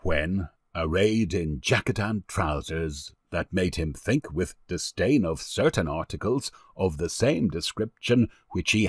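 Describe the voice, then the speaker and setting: A man reads an old-fashioned children's story in a low voice. His intonation swings widely and he tells it with a lot of expression. The sound is dry and close. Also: slightly rough, no room sound. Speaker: narrator. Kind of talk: storybook reading.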